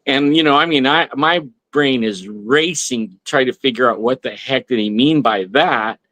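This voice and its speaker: A man's voice: medium pitch, moderate pace, bright, forceful tone, no room sound. A man telling a personal story on a talk radio show, rambling with many restarts and fillers. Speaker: guest. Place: radio studio.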